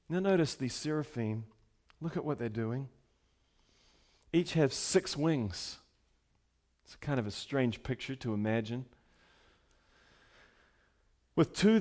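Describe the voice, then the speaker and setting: A man preaching a sermon, moving between quiet conversational asides and rhetorical questions and loud, shouted emphasis. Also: a little high.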